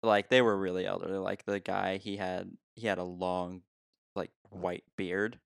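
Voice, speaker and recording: A man's voice: low-pitched, flat delivery, a little slow, creaky, dry recording, studio quality. A young man co-hosting a casual movie podcast, joking, swearing and laughing often. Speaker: podcast co-host.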